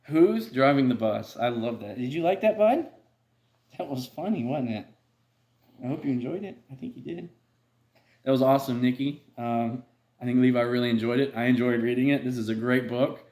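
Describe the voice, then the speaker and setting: An adult reading a children's picture book aloud at home, chuckling and making playful asides to a small child, and jumping into high, excited voices for the characters. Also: normal speed. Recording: roomy home recording.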